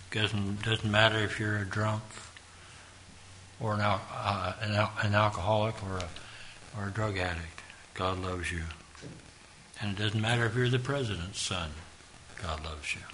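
Slow, earnest man preaching a sermon. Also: fairly low pitch, steady tone, slight background noise. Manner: slow, earnest, repetitive preaching with sudden loud emphasis.

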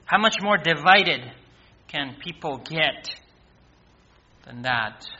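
A man delivers a sermon in a high, piercingly bright voice, hammering points with repetition and rhetorical questions. The recording sounds dull and lo-fi. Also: expressive, slow, slight background noise. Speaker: preacher.

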